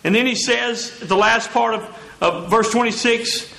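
Earnest pastor preaching, bright sharp voice, kinda high, echoey church. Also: male voice, lively intonation, measured pace, gravelly. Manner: earnest, quoting scripture, restarts. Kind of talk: sermon.

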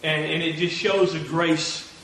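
A pastor preaching a sermon in a church, earnest and quoting scripture with frequent restarts. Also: male voice, on the high side, fairly even intonation, a little slow, fairly bright tone. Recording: echoey church hall.

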